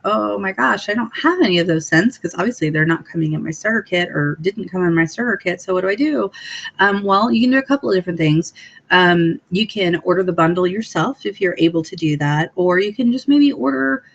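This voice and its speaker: A woman giving a casual training talk to fellow sales consultants, bubbly and chatty, with lots of ums. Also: medium pitch. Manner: bubbly and chatty, with filler ums and sudden playful voices. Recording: dull lo-fi recording.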